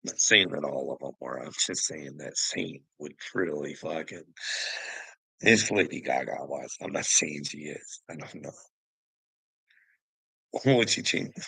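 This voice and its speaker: A man's voice: extremely low pitch, unhurried, creaky, pauses often, pushed and bright, breathy edge, no room sound, low-quality recording. A man ranting in a casual vlog. He swears a lot, mocks people, and laughs between his lines. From Canada. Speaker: vlogger. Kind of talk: casual rant.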